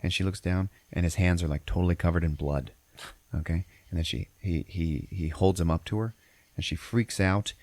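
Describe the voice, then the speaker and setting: A man's voice: low-pitched, fairly even intonation, moderate pace, darkish tone, dry recording. A man hosting a podcast, casually recapping a movie in a profane, rambling way. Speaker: podcast host.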